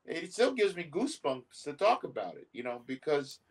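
A man's voice: fairly high pitch, very animated, normal speed, husky, far from the mic, low-quality recording. A man in his sixties, from the United States, talking over memories with his sister, earnest and reflective, with many fillers. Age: 60s. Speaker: interviewee. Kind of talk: recorded conversation between siblings.

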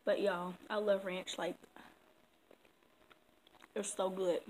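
A woman's voice: medium pitch, little pitch movement, slow pace, darkish tone. Woman, casual eating vlog, chatty and loose, noisy background. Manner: chatty, loose, talks with her mouth full. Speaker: vlogger.

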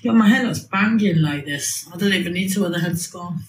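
A woman's voice: on the low side, brisk, roomy sound, low-quality recording. A woman in her forties rambling on a livestream, boastful, swearing and erratic. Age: 40s.

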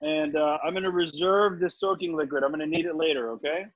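A man with a steady, high-side voice teaches a live online cooking class a little fast, chatty and confident as he explains each step and answers questions. Heard over a video call, the audio is slightly dull with faint noise but no echo.

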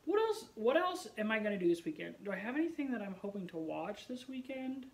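Chatty man with a high, gravelly voice. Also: very animated, fast talker, low-quality recording. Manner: rambling, musing aloud with fillers; wry, self-mocking humor. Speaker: vlogger. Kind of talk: casual chat to camera.

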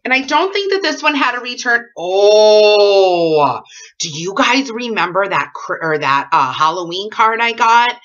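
A woman's voice: on the high side, very animated, normal speed, few pauses, sharp tone, muffled recording. A woman vlogging casually at home, reading out her fan mail in an effusive, rambling way full of asides. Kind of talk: casual chatty vlog.

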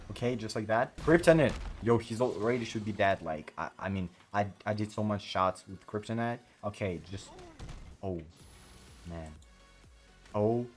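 Excitable man narrating his gameplay. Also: lowish voice. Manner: excitable, frequent exclamations and slang. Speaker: gaming YouTuber. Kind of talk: let's play commentary.

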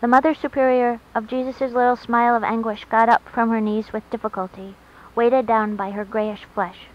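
A woman reading a short story aloud in a calm, even storytelling way, recorded on a dull lo-fi track with faint hiss. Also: a little high, moderate pace. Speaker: narrator.

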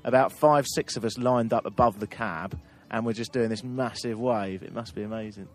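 A man's voice: on the low side, normal speed. Laughing man telling travel stories. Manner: laughing, anecdotal storyteller. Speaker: podcast host and traveller. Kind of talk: casual travel chat.

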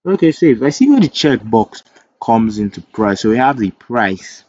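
A man's voice: medium pitch, very animated, normal speed, darkish tone, no room sound, lo-fi sound. A man teaching web development in a screen-recorded coding tutorial. He thinks aloud as he types, corrects himself, and drifts into chatty asides.

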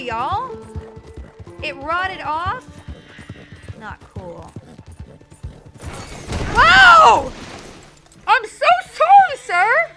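A woman streaming a video game with live commentary, excitable and exclamatory with laughing asides. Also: very high voice.

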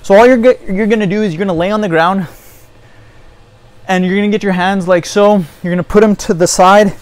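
High-voiced, chatty young fitness vlogger man. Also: fairly even intonation, brisk, smooth. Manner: chatty, repeats "you guys", encouraging. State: slightly out of breath. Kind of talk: casual home workout tutorial.

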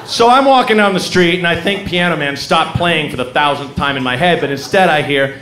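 A man doing a rambling, self-mocking stand-up routine, breaking into loud mock singing. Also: on the high side, fairly quick, hardly any pauses, noisy background. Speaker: stand-up comedian. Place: comedy club stage. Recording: live club recording, roomy, crowd laughter.

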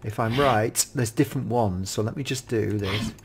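A middle-aged man, gasping and gushing with excitement while commenting on a game at home. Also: fairly low pitch, normal speed, noisy background. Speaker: Minecraft YouTuber showcasing mods. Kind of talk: casual gameplay commentary.

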